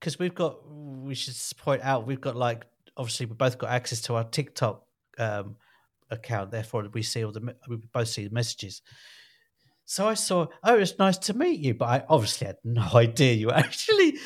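A man's voice: medium pitch, moderate pace. A man co-hosting a podcast, reacting eagerly and chatting with a lot of energy. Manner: animated, reactive listener, swears freely. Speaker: podcast co-host. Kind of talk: casual chat.

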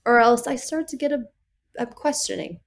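A woman's voice: a little high, normal speed, creaky. A young woman guest on a podcast, talking candidly and playfully, acting out little quotes as she goes. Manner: animated, playful, acts out quoted texts.

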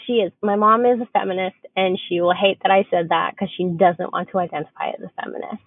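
Young woman, husky voice, frank and chatty, swears freely, tinny phone-like dry sound. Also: medium pitch, steady tone, fast talker. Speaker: podcast co-host. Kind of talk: candid casual chat.

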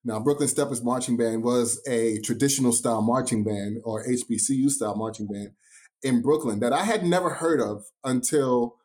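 A man's voice: mid-range voice, normal speed, darkish tone. A man from New York, a drumline instructor, telling his story as a guest in a casual podcast interview with enthusiastic emphasis.

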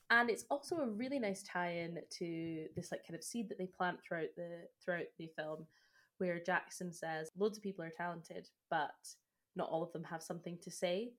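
Woman podcast host, low-pitched, chatty and heartfelt. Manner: chatty, emotional, lots of fillers. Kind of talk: casual chat.

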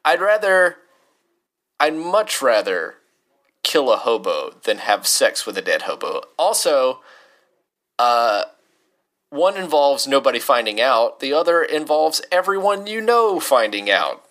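A man co-hosting a casual podcast, reading listener questions aloud and joking between them. His voice is bright and forceful, with a playful edge. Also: medium pitch, sing-song, unhurried. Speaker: podcast co-host. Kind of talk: casual chat.

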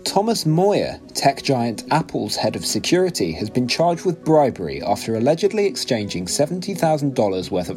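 A man hosting a comedy news podcast, reading scripted headlines with deadpan punchlines. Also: mid-range voice.

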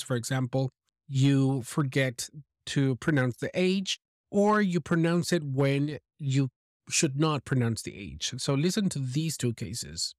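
A man's voice: mid-range voice, no echo, clean studio sound. A man hosting an English lesson, giving encouraging feedback on a listener's message and explaining pronunciation with examples. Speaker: English teacher and podcast host.

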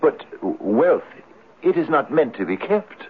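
An earnest cottager, hesitant and full of uh's. His pitch swings wildly up and down, and a husky edge comes through a thin, phone-like old broadcast. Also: very animated, slow pace, heavily acted. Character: poor Irish cottager wishing for riches. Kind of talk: 1970s radio drama acting. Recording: narrow, tinny old radio broadcast.

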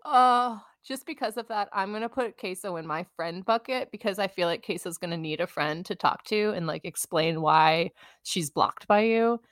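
A woman's voice: medium pitch, moderate pace, a bit bright, no room sound, studio quality. A woman co-hosting a casual podcast chat, giggly and emotional, sometimes putting on a game-show announcer voice. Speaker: podcast co-host.

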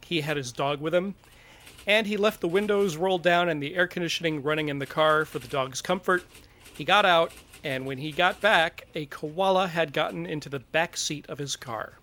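A man's voice: fairly high pitch, moderate pace, bright, forceful tone. A man co-hosting a podcast, upbeat and jokey in casual chat. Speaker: podcast co-host.

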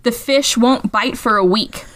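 A woman's voice: on the high side, unhurried. Giggly young woman podcast co-host. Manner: giggly, animated storyteller, swears freely. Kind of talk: casual chat.

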